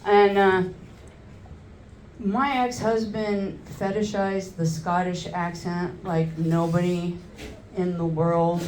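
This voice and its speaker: A woman's voice: lowish voice, level tone, takes it slowly, a little mellow, roomy sound, a little hiss or hum. A woman in her forties doing a crude stand-up comedy set, telling loose stories and working the crowd from a club stage.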